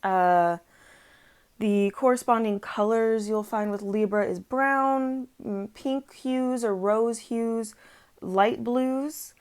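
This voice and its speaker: A woman's voice: on the high side, takes it slowly, a little mellow, smooth. A woman reading tarot in a chatty, rambling way, full of fillers and self-corrections, at home with her dog on her lap. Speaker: tarot reader. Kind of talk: casual chat.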